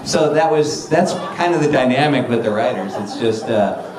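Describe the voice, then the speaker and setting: A man's voice: medium pitch, lively intonation, moderate pace, crowd noise. A man who worked as a comedy writer, recounting stories from the job in an amused, chuckling way. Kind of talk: interview anecdote. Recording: echoey room with background noise.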